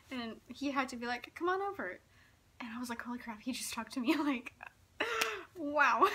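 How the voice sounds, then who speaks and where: A young woman in her late teens tells her story with giggly, breathless excitement, scattering "like" through every sentence. Her voice sits fairly high and bright. A faint hum runs underneath. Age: young adult. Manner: giggly, breathless, gushing, lots of "like". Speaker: vlogger.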